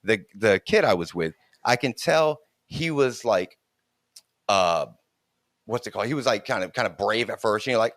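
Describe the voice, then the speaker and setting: A middle-aged man with a somewhat low voice spins a long personal story in a relaxed chat. He is animated, breaks into laughter often and restarts sentences mid-thought. The sound is dry and close, with little room around it. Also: normal speed, no echo.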